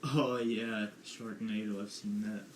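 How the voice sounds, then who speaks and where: A man's voice: lowish voice, flat delivery, slow. A young man co-hosting a casual podcast, rambling and hedging as he talks, recorded in an echoey room. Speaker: podcast co-host. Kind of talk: casual chat. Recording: echoey room with faint noise.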